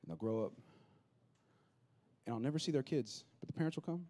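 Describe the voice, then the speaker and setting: A pastor preaching a lively, humorous sermon, acting out the people he quotes. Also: medium pitch, a little fast. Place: church auditorium.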